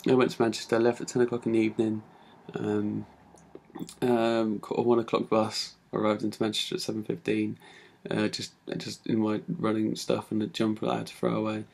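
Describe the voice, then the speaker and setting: A man tells his own story in a casual, unpolished way, pausing often on fillers. His voice sits low and has a gravelly, creaky edge. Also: completely flat delivery, darkish tone. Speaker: speaker giving a talk. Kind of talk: personal story talk.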